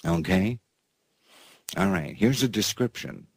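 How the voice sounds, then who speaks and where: A slow, husky-voiced man hosts a sarcastic alternative news roundup, his low pitch swooping up with mocking glee. He reads headlines in a folksy, mocking way, laughing at the stories. The recording is close and dry. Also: very animated, no room sound. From United States. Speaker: news show host.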